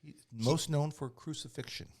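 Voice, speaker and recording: A man's voice: fairly high pitch, moderate pace, a little mellow. A man in his fifties co-hosting a podcast, reading out trivia in a casual chat with a mock-solemn refrain. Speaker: podcast co-host.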